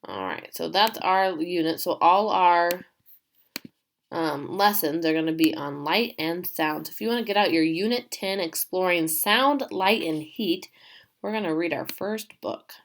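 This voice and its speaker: A woman teacher giving a remote class, reading a story aloud and asking her pupils questions in an animated way. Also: on the low side, unhurried, a little hiss or hum.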